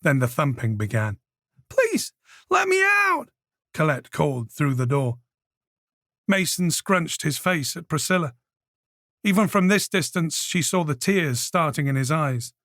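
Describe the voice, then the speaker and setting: A man reading a crime thriller audiobook with measured, scripted narration. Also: on the high side, animated, a bit bright, no room sound, studio quality. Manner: measured storytelling.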